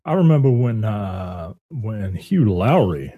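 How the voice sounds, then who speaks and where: A man co-hosting a casual gaming podcast, joking and telling animated stories. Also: lowish voice, slow pace, dry recording, studio quality. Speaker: podcast co-host.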